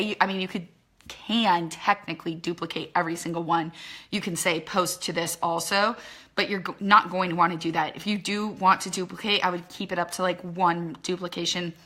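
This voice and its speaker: A woman with a bright, forward voice runs a casual live tutorial for small-business owners, speaking straight into her phone. She talks in quick, chatty bursts, leaning on fillers and loose asides as she explains. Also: fairly low pitch. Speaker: social media business trainer.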